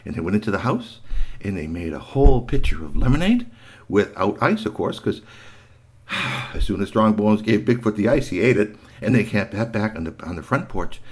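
A man telling a children's story aloud, animated, with sound effects and playful asides. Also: on the low side, normal speed.

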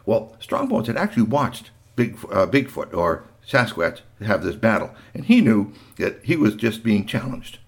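A man telling a children's story aloud, animated, with sound effects and playful asides. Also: fairly low pitch, normal speed, hardly any pauses.

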